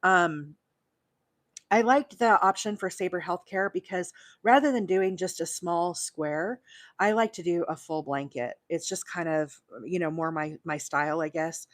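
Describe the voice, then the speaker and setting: A woman's voice: lowish voice, a little slow, no room sound, studio quality. A woman hosting a live crochet stream, chatting with many fillers and counting stitches aloud as she works. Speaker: crochet host.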